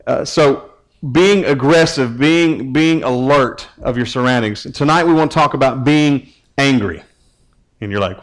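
A man's voice: medium pitch, a little slow, rough recording. A man preaching a casual, conversational sermon as a youth pastor. He often repeats words as he starts his phrases.

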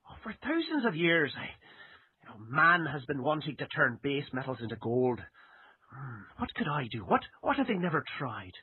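A scheming Irish man muses aloud, pleased with his own bright idea, as a man puts him on. The voice sits high and swoops about with a husky edge. The sound is thin and phone-like. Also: huge pitch swings, normal speed, full character voice.

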